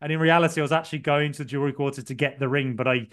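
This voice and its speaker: Rambling podcast co-host, clear voice. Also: male voice, fairly high pitch, steady tone, racing, a bit bright. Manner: rambling, self-deprecating storyteller with many fillers. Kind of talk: casual podcast chat.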